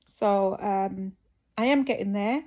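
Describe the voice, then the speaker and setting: A woman's voice: medium pitch, slow pace, darkish tone. A woman from the UK talking candidly to camera in a vlog, hesitant with many ums and restarts, and tired. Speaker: fitness vlogger recovering from surgery.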